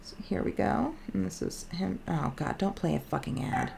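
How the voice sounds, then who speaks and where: Woman podcast host, kinda low voice, rambly chatty talk, lots of "like". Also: lively intonation, moderate pace, creaky, a little mellow, slight background noise. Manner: rambling and chatty, often says "like". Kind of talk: casual podcast chat.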